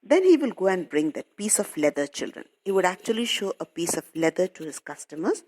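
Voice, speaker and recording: A woman's voice: fairly low pitch, sing-song, brisk, darkish tone. A woman English teacher explaining a story to schoolchildren, patiently repeating and paraphrasing while calling them children.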